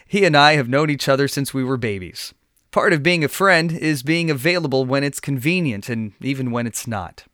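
A man's voice: medium pitch, animated, moderate pace, a bit bright, no echo, studio quality, lightly acted. A man voicing a weary, kindly village father who speaks in a groggy, patient way in a read-aloud Bible story.

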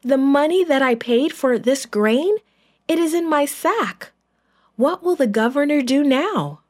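A woman voicing a group of worried adult brothers, speaking higher and pleading anxiously. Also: big pitch swings, slow, darkish tone, heavily acted. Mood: alarmed.

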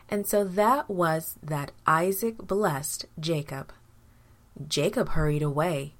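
Slow, low-voiced woman telling a Bible story. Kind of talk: scripted Bible story narration.

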